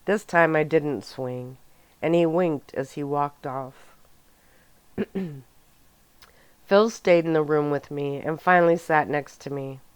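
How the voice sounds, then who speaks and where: A woman reads a first-person story in a calm, soft-spoken ASMR audiobook style. Her voice is low and smooth, and she takes her time. The recording is dry and close. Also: takes it slowly, long pauses, no echo. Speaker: audiobook narrator.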